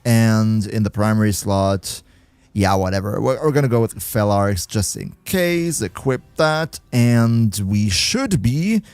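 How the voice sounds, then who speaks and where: A man's voice: fairly low pitch, lively intonation, a little slow, a little mellow, clear, resonant tone, no echo. A man chatting casually on a game livestream, playful, laughing often and restarting his sentences. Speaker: game streamer.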